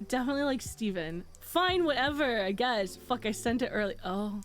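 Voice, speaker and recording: Woman streamer, lively pitch, laid-back delivery, swears and laughs a lot, faint music behind. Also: normal speed, few pauses. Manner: chatty, swears freely, laughs often. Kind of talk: casual stream chat.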